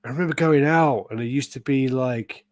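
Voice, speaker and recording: A British podcast host tells stories in casual chat, swearing freely and acting out quotes. His voice is medium-pitched and fairly quick, with no echo.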